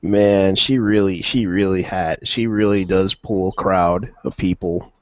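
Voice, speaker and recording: A man's voice: low voice, fairly even intonation, measured pace, darkish tone, no echo, dull audio. A man hosting a casual opinion stream, rambling with frequent restarts.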